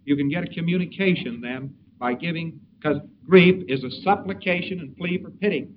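A man's voice: on the high side, moderate pace. A man giving an informal lecture in a wry, digressive way, acting out the quotes he gives. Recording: dull distant recording with faint hiss.

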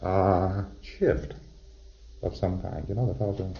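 Male lecturer, very low voice, wry and conversational, muffled lo-fi tape. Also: steady tone, measured pace, creaky, dark tone, slight background noise. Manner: conversational, wry, acts out exchanges. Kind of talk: recorded lecture to trainees.

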